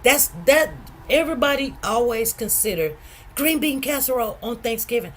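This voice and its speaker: A woman's voice: fairly high pitch, normal speed, a little hiss or hum. Woman, live stream host, casual chat, chatty, earnest, exclaims freely. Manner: chatty, animated, exclaims over food; soft-spoken, earnest storytelling. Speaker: live stream host reading viewer comments.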